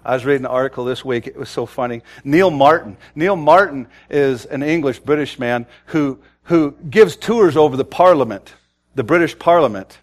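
A pastor in his forties preaching a sermon, telling stories and acting out the quotes with big swings from loud to soft. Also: mid-range voice, normal speed. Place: church sanctuary.

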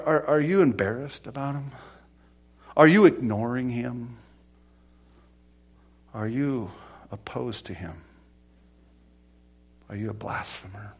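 A man preaching a sermon, emphatic, swinging from quiet asides to loud stresses and repeating words for emphasis. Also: mid-range voice, slightly rough. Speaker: pastor.

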